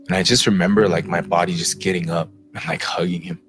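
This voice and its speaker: A man's voice: low-pitched, steady tone, quick pace, hardly any pauses, music in the background. A middle-aged man, the guest, tells an emotional personal testimony, acting out the voices of the people in it. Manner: emotional storytelling, acts out quoted voices.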